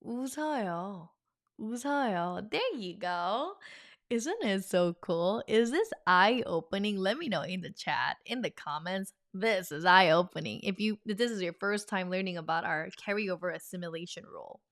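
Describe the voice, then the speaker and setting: A woman teaching an online language lesson in an upbeat, animated, teacherly way. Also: mid-range voice, normal speed.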